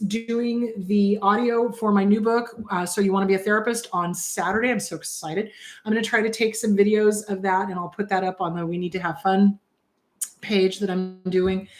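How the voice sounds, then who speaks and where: A woman therapist hosting a casual advice show, answering viewer questions in a chatty, direct way and repeating words for emphasis. Her voice sounds a little worn out. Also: mid-range voice. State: slightly worn-out voice. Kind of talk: casual live advice talk.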